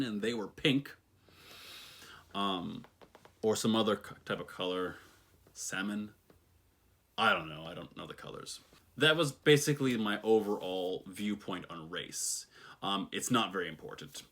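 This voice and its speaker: A man's voice: on the low side, pushed and bright. A man telling a story from his own life in a thoughtful, reflective way, with the odd wry aside. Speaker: personal storyteller. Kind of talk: reflective personal storytelling monologue.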